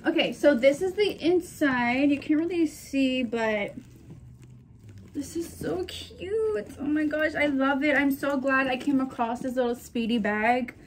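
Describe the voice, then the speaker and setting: A woman's voice: high voice, moderate pace, hardly any pauses. A woman in her twenties chatting casually as a shopping vlogger, gushing and telling stories. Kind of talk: casual chat to camera.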